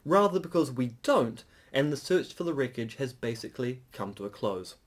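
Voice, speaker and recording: Dry, lively-voiced male podcast co-host. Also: mid-range voice. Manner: dry, sardonic, reads news items briskly. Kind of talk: casual podcast chat.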